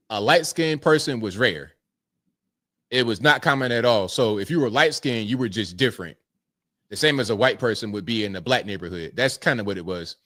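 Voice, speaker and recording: A man's voice: medium pitch, a bit bright, no room sound, studio quality. A man hosting a casual livestream, thanking viewers one by one and answering their comments in a laid-back way. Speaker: livestream host reading super chats.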